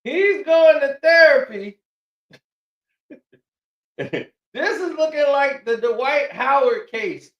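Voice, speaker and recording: A man's voice: extremely high pitch, animated, slow pace, long pauses, highs cut off. A man doing comedic commentary, laughing often and reading quotes in mocking voices. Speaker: commentary streamer. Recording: echoey room, far from mic.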